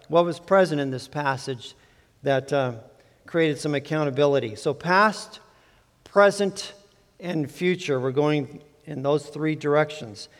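A man preaching a sermon as pastor, measured, slowing down to stress key phrases. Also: fairly high pitch. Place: church sanctuary. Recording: long reverb of a church hall.

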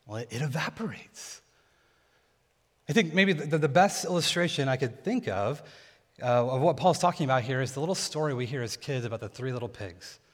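A man's voice: mid-range voice, lively intonation, a little fast. Young male pastor, conversational sermon in a reverberant hall. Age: young adult. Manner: casual, conversational teaching.

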